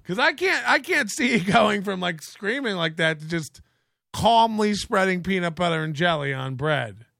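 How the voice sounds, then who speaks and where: A man's voice: high-pitched, gravelly, bright, forceful tone, no echo, studio quality. A man hosting a comedic commentary show, ranting sarcastically with profane rhetorical questions and laughter. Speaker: host. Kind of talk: casual comedic commentary rant.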